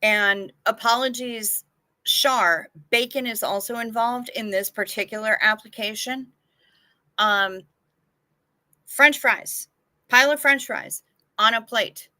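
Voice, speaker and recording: A woman chats on her livestream at an unhurried pace, answering viewers by name in a frank, loose way with easy swearing. Her voice is bright and forward, recorded close and dry with no room sound. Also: a little high, no echo. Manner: chatty and frank, with casual swearing. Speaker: livestream host. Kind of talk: casual livestream chat, reading viewer comments aloud.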